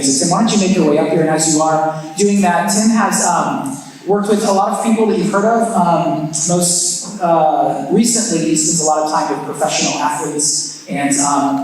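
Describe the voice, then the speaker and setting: A man's voice: a little high, distant mic, a little hiss or hum. A man serving as pastor, praying earnestly and then introducing a guest speaker at a church service. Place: large church sanctuary. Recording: echoey hall, mic heard from afar.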